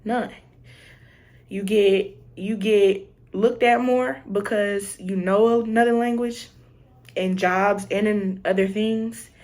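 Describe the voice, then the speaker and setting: A woman's voice: mid-range voice, takes it slowly. A young woman with a Southern American accent, chatting casually in a vlog and acting out little greetings as she tells her stories. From Southern United States. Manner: animated storytelling, acts out greetings. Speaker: vlogger. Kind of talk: casual chat.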